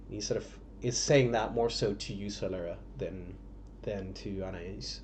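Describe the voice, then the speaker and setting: A man narrating a tabletop game as game master, describing scenes in a halting, descriptive way. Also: lowish voice, slight background noise. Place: home streaming setup.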